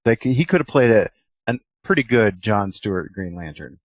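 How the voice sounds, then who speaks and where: A man's voice: fairly low pitch, animated, moderate pace, no room sound. Jokey man on a dry, dull mic. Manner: jokey, laughs often. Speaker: podcast co-host. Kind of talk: casual chat.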